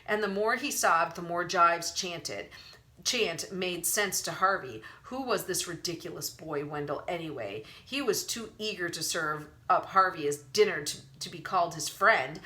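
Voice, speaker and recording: A woman's voice: fairly low pitch, expressive, measured pace, pushed and bright. A woman reading a storybook aloud as narrator, telling the story with expression. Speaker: audiobook narrator. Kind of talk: audiobook narration.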